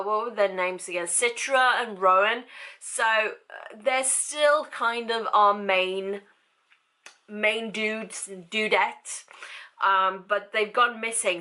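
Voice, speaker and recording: A woman chatting about books in a relaxed vlog. She talks slowly in a bright, slightly high voice. She rambles, sighs often and sounds amused and exasperated. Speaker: book reviewer. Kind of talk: casual book review vlog.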